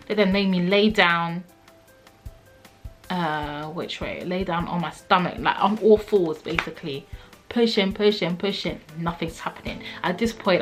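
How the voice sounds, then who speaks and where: A young woman vlogger telling a personal story in a casual, animated way, acting out what people said. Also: on the low side. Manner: animated, acts out quotes, frequent "like".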